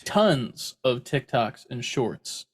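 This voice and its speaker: A man's voice: mid-range voice, big pitch swings, very slow, husky. A man co-hosting a gaming podcast in casual chat, rambling through jokey stories. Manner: joking, rambling storyteller. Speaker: podcast co-host.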